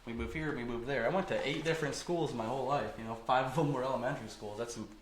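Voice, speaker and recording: A man in his twenties from Michigan, telling a story as a podcast guest in a casual, animated and profane way. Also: medium pitch, fast talker, reverberant, a little hiss or hum, poor audio. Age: 20s.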